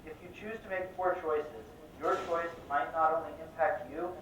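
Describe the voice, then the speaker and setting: A man's voice: on the high side, normal speed, a bit bright, a little hiss or hum. A man of about eighteen giving an earnest prepared speech as a student organizer, with a few small restarts. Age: around 18. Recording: very echoey, tinny and far from the mic.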